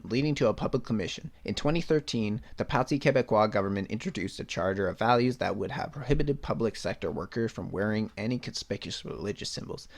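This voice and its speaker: A young man with a slightly low voice hosts his own podcast, reading news aloud in a plain way. He keeps cutting in with blunt, sarcastic asides and swears without a second thought. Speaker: podcast host. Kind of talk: solo opinion podcast, reading news and ranting.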